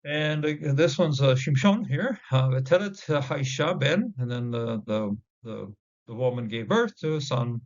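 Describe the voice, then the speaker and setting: A man giving an informal Bible word-study lesson, halting with many fillers and restarts, sounding out Hebrew words slowly. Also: medium pitch, lively intonation. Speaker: Bible teacher. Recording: dull lo-fi recording.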